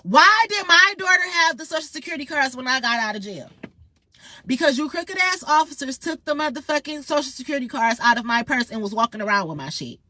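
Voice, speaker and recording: A woman's voice: high-pitched, animated, fairly quick, bright, forceful tone, no echo. Furious woman. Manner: heated, profane, confrontational ranting. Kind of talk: angry monologue vlog.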